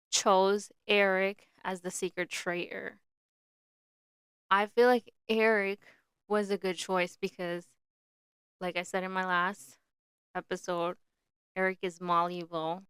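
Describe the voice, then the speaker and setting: Slow-talking woman podcast host, crisp and dry. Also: mid-range voice, a bit bright, no room sound. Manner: chatty, speculative, uses filler "like". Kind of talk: casual solo commentary.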